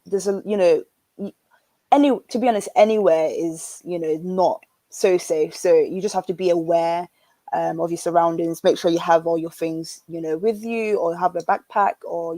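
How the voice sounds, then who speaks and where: A woman's voice: lowish voice, dark tone, no echo. A woman with a northern English accent, a guest in a casual interview, chatty and hesitant with lots of fillers. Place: home in London.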